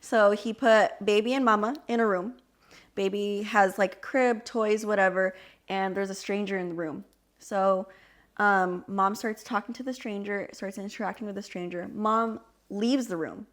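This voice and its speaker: A young adult woman co-hosting a podcast, explaining a subject in casual chat with an animated, filler-heavy way of talking. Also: medium pitch, normal speed. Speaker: podcast co-host.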